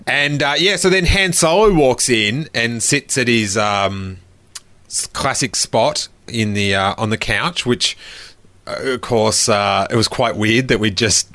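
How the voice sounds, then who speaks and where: A man's voice: medium pitch, measured pace, pushed and bright, no room sound. A man hosting a podcast, chatting casually and laughing while he tells a story. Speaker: podcast host. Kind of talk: casual chat.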